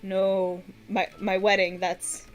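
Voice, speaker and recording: A woman's voice: medium pitch, completely flat delivery, slow, soft background music, close to an everyday voice. A woman voicing a frightened young man who has just been brought back from the dead, stammering and tearful. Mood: panicked. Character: young man, frightened newly revived corpse.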